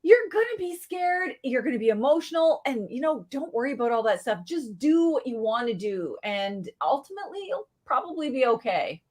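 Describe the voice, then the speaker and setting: A middle-aged woman from Canada, speaking as a guest in a relaxed conversation. Her voice sits high, and she talks in an earnest, encouraging way, sharing personal stories. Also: fairly quick, hardly any pauses. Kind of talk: casual interview chat.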